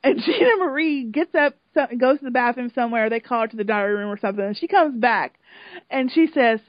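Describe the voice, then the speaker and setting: Gossipy podcast lady, kinda high voice, acts out the quotes, dull lo-fi audio. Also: fairly quick, dry recording. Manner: gossipy, animated, acts out quotes, laughs loudly. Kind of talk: casual chat recapping a reality show. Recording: dull lo-fi sound, dry.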